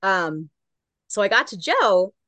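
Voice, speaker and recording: A woman's voice: mid-range voice, sing-song, takes it slowly, pushed and bright, dry recording. A woman from Long Beach, California, a guest correspondent who tells a story in casual chat and acts out each quote.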